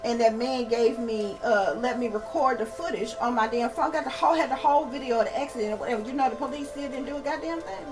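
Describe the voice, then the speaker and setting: Talking fast with hardly any pauses, a woman who hosts her channel and works as a psychic reader rants casually at her viewers. Her fairly high voice comes through a low-quality recording as she gets emphatic, profane and repetitive, addressing them as y'all.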